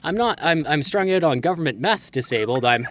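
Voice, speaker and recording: Holding his phone in one hand as he walks his Ontario farm among the birds, a small-scale poultry farmer rants profanely and out of breath, hurling rhetorical questions. He talks briskly in a fairly high, expressive voice. There's a little hiss or hum, plus faint ambience of ducks and fowl.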